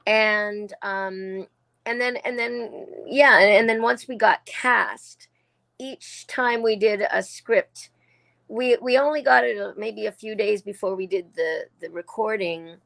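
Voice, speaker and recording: A woman's voice: medium pitch, slow pace, vocal fry. Chatty woman in her sixties telling stories. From Australia. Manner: chatty, lively storytelling with quoted asides. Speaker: guest actor. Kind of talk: casual interview chat.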